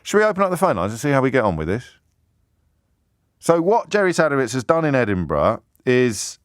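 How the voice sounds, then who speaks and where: A man's voice: medium pitch, no room sound, studio quality. A man hosting a radio phone-in, musing aloud in a conversational, self-deprecating way with many stammered restarts. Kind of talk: talk radio monologue. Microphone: studio microphone.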